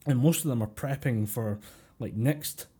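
Scottish male co-host, mid-pitched and mellow, chatty and rambling. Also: unhurried, husky. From Scotland. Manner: rambling, with many fillers and chuckles. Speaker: podcast co-host. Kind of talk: casual chat. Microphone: computer mic over a voice call.

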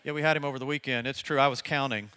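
An older man, a pastor, preaching a conversational sermon and telling animated stories with laughter. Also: medium pitch, racing, clear, resonant tone.

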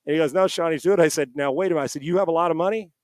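A middle-aged man speaking into a headset from home, guesting on a podcast. His voice sits a little high for a man, and the sound is dry and close with no room around it. He tells a long story and acts out the dialogue with plenty of energy. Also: very fast, a little mellow, dry recording. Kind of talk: casual storytelling.

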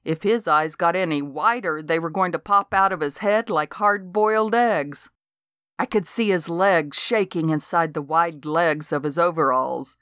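A woman's voice: lowish voice, a little slow, a bit bright, clean tone, no room sound, studio quality. A woman narrating a folksy first-person story in a wry storytelling manner, scripted audiobook reading.

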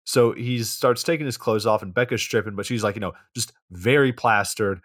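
A man with a lowish voice talks through a film recap, swearing freely and wandering off mid-sentence. The sound is dry and close, with no room around it. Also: normal speed, fairly bright tone, dry recording. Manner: profane, rambling storytelling. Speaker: podcast co-host. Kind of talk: casual movie recap chat.

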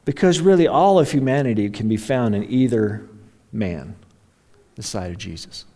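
A man's voice: mid-range voice, lively intonation, moderate pace, dark tone. A man preaching a sermon, telling the story dramatically and briefly voicing the mocking crowd and the criminals. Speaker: pastor.

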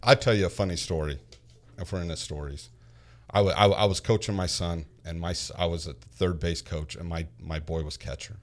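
Man, lowish voice, lively anecdote-telling parent and coach, stumbles over repeated words. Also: fairly quick. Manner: animated, repeats words, acts out quotes. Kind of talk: casual storytelling chat.

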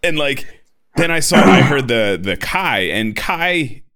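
A man in his thirties in casual podcast chat, animated and swearing freely. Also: mid-range voice, slow, creaky, a crowd in the background.

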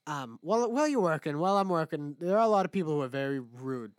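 A young man talks in a casual podcast, his voice high. He rants and swears freely, breaking into laughs. The sound is dry and close. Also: lively intonation, fast, smooth, no room sound. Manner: profane, ranting, laughs often. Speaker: podcast co-host. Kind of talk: casual chat.

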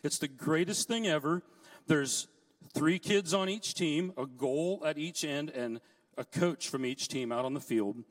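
A middle-aged man preaching a sermon, telling stories in a lively way with joking asides. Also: fairly high pitch, measured pace, far from the mic. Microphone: handheld mic, set down at times.

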